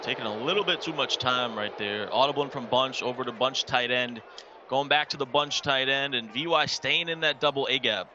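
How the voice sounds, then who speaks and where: A man's voice: medium pitch, moderate pace, muffled recording, noisy background. A man giving color commentary on a football video game, breaking down plays and coaching viewers. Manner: explanatory, coaching asides to viewers.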